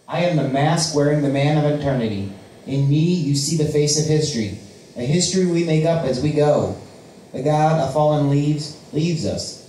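At an open mic, a man performs his spoken-word poetry with a rhythmic, declamatory delivery. His voice is on the high side and mellow, heard from a distance in a very echoey room with slight background noise.

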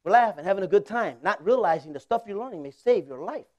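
A man in his forties, a pastor telling a humorous story in a sermon, conversational and laughing often, swinging between loud bursts and quiet asides. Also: high voice, expressive, fast talker, dry recording.

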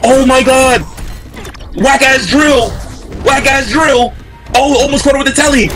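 Man, high voice, swooping pitch, shouty trash-talk, headset mic, faint music behind. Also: a little slow. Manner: loud, excitable trash-talk with frequent shouting; repeats phrases and profanity. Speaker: streamer commentating matches. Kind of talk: heated live fighting-game commentary.

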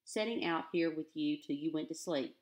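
A woman reading as a fretful, gentle old father. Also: low-pitched, moderate pace, natural voice. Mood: anxious. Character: gentle, awkward older father in a nightshirt.

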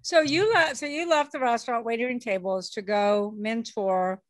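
Higher-voiced woman host asking follow-ups. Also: no echo. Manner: probing, asks quick follow-up questions. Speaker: podcast host. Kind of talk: interview chat.

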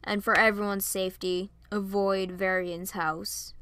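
A woman voicing a stern, strict middle-aged king who speaks slowly and firmly. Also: mid-range voice, flat delivery, sharp tone, no echo.

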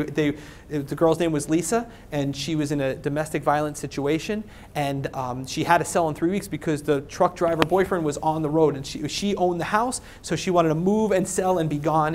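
A man's voice: a little high, a little hiss or hum. A man speaking at a live real estate seminar, talking with energy, stressing his points, checking in with "right?" and acting out sellers' lines. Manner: energetic, emphatic, repeats points and asks the audience "right?"; acts out sellers' questions and excuses in quick quoted voices.

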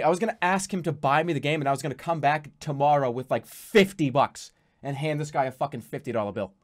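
A man streaming from his home gaming setup, ranting to chat in an exasperated, swearing, animated way. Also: on the high side, fast talker. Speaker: game streamer.

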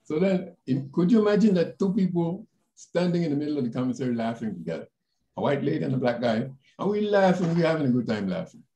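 An older man from the Panama Canal Zone, a panelist telling personal stories in an animated way over a video call. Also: fast talker. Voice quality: animated, jumps in pitch when quoting others. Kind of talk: personal storytelling. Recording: roomy echo.

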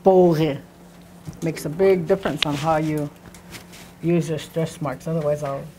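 A woman teaching a language class, explaining slowly and repeating words and phrases for emphasis. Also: deep voice, steady tone, background noise. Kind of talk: classroom lecture.

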